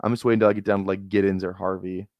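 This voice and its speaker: A man from Minnesota chatting casually on a live stream while drafting fantasy football, rambling into excitable, profane rants full of filler words. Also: sits low, rapid-fire, dry recording, muffled recording. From Minnesota, USA.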